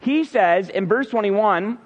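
A man's voice: sits high, expressive, slow, big-room sound, dull audio. A man preaching a Sunday sermon, earnest and emphatic, repeating key words for stress. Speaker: pastor.

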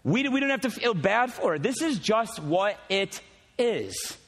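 A pastor with a bright, high-pitched voice delivers his sermon at a measured pace, staying lively and conversational while he teases the congregation in casual asides. A long reverb from the church hall follows his words.

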